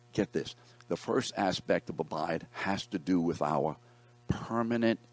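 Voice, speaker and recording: A man teaching a Bible class, reading scripture aloud and putting questions to his students in a conversational way. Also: sits low.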